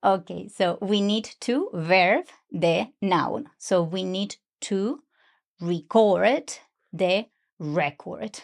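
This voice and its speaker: A woman's voice: mid-range voice, takes it slowly, gravelly, hardly any pauses. A woman co-presenting a pronunciation lesson, friendly and agreeable as she works through examples.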